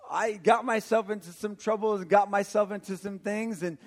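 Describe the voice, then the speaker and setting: A middle-aged man from Texas, a pastor preaching a sermon and telling a personal story in an animated way. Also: high-pitched, normal speed. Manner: animated storytelling, acts out quotes with laughter.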